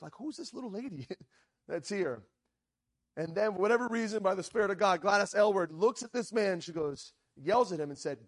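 A male preacher telling a story in a sermon, acting out the quoted lines and often checking in with "right?". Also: sits high. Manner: animated storyteller, frequent "right?" asides, acts out quoted lines. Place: church.

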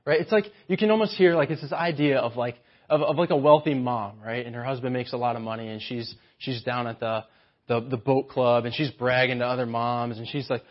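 A man's voice: mid-range voice, fairly even intonation, fairly quick, highs cut off. A man preaching a sermon with animation, often acting out mocking voices of the people he describes.

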